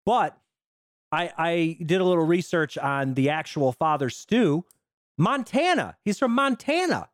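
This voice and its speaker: A high-voiced man chats about a movie in a lively, swooping voice, laughing easily. His voice sounds dry and close to the mic. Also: no room sound. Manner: animated, laughing, does quick impressions. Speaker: podcast co-host. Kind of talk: casual movie review chat.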